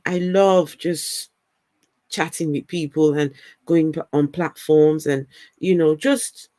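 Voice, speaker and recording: A woman's voice: sits low, darkish tone, no echo. A woman from Africa with a mixed African and British accent, hosting a casual livestream and chatting with her viewers. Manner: chatty, repeats words, laughs often. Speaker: livestream host. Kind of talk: casual livestream chat reading comments.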